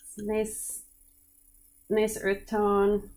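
A woman in her studio giving a live oil painting demonstration, talking in a relaxed, chatty way with many fillers. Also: mid-range voice, extremely slow. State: slightly cracky voice. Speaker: painting instructor.

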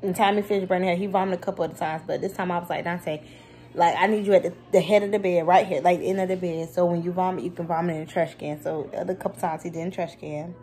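A woman talks to her viewers at home in a casual vlog. She tells her stories in an animated, expressive way and keeps calling her audience y'all. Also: fairly low pitch, fast talker, a little hiss or hum. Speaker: vlogger, mother of two.

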